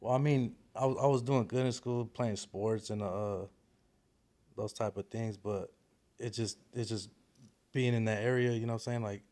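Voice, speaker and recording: A young man talks in a relaxed, slang-heavy way. His voice sits somewhat low, with plenty of fillers like "you know what I'm saying" and quick laughs. It sounds like a loose, casual podcast chat. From East Palo Alto, California. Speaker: guest rapper.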